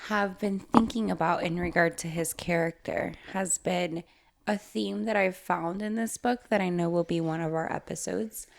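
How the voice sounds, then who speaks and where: A woman co-hosting a casual book podcast, animated and laughing often. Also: on the low side, normal speed, vocal fry. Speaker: podcast co-host.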